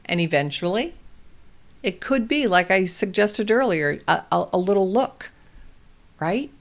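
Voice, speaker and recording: A woman hosting a parenting show, giving calm, deliberate instructional advice to parents. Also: lowish voice. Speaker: parenting host.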